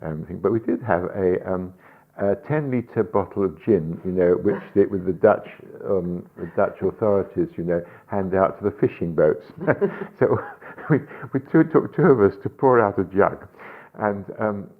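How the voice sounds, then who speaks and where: An older man with a very low voice tells rambling, amused stories in a radio interview, laughing often and pausing on ums. The sound is thin and tinny, like an old telephone line. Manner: chuckling, anecdotal storytelling with frequent hesitations. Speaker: rabbi and guest.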